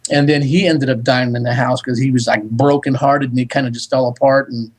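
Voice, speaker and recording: A man talking as a psychic medium guest, recounting events in animated storytelling and quoting back-and-forth dialogue. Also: mid-range voice, fairly quick, low-quality recording. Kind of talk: storytelling in a radio interview.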